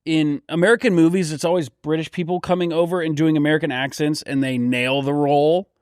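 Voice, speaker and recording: A male podcast host talking in an eager, casual way, cheering on his guest. His voice is fairly high for a man, recorded dry and close. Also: fairly even intonation, fairly quick, clear, resonant tone, no echo.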